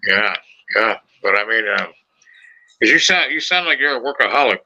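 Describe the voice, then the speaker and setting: Bright-voiced animated Los man. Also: fairly low pitch, normal speed, low-quality recording. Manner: animated, profane, acts out quoted voices. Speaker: podcast host. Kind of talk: casual storytelling chat.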